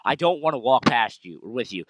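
A man's voice: mid-range voice, lively intonation, fairly quick, a bit bright, no room sound. A man hosting a let's play, swearing and ranting crudely while he plays. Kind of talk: casual game commentary.

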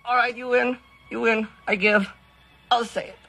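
A woman voicing a frantic, theatrical pony doctor who shouts melodramatically. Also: a little high, steady tone, normal speed, vocal fry, faint music behind. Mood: melodramatic.

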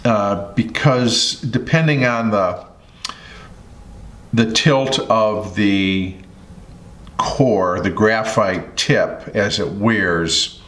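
A man hosting a pencil review vlog, talking in an unhurried, thoughtful way with many pauses and fillers. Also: sits low, fairly bright tone, roomy sound. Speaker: host.

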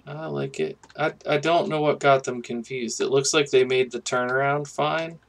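A man hosting a casual gameplay commentary, musing and thinking aloud in a relaxed way. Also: mid-range voice, moderate pace, creaky. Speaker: gaming channel host.

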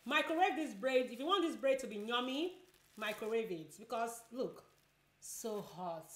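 Woman vlogger, higher voice, chatty and emphatic, recorded in an echoey room. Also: lively intonation, moderate pace, a bit bright. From Nigeria. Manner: chatty, repeats words for emphasis, eats between phrases. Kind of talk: casual mukbang vlog chat.

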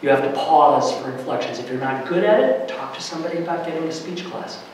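Energetic man lecturing in an echoey hall. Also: fairly high pitch, fast talker, distant mic, a little hiss or hum. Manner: energetic, varies loudness for emphasis, many fillers. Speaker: faculty workshop speaker. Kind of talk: lecture to faculty. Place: large lecture room. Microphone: distant room mic.

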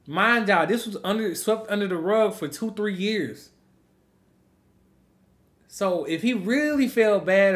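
A man hosting a reaction video, talking bluntly and repeating his points for emphasis in casual commentary. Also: sits high. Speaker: reaction channel host.

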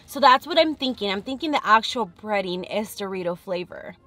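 A woman's voice: mid-range voice, expressive, brisk, sharp tone, soft background music. A young woman chatting frankly and thinking aloud as she tastes food in a casual eating vlog. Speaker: food vlogger.

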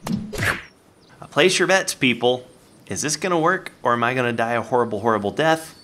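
A man giving playful, animated let's-play commentary, talking to the game and his viewers and jumping up to excited yelps. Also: moderate pace, background noise. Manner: jumps to high excited yelps. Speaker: gaming YouTuber.

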